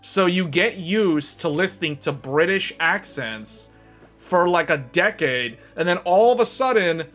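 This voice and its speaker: A man streaming to his viewers, chatting casually in a rambling, animated way and laughing often. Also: high-pitched, measured pace, soft background music.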